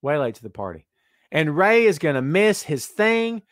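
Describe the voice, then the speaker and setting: A man's voice: fairly high pitch, moderate pace, no room sound, studio quality. A man hosting a podcast in a casual live-stream chat, reading viewer comments aloud and joking straight to the chat. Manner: excitable, jokey, talks straight to the chat. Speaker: podcast host.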